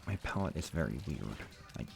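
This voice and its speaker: Hushed gravelly young man streaming. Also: very deep voice, lively intonation, a little fast. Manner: hushed, half-whispered, rambling with restarts. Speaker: game streamer. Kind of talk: quiet live stream chat while playing. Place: room at home at night. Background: game music.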